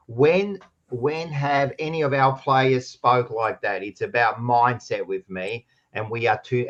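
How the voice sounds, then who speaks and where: Teasing Australian man hosting, lo-fi sound. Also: mid-range voice. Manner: loud, teasing, swears freely. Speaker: podcast host. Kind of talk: casual sports banter.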